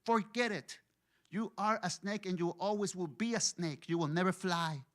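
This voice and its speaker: A man's voice: high-pitched, moderate pace, a bit bright, voice pushed up. A man voicing a mean, poisonous snake in a spoken parable, taunting in a cutting way. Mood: scornful.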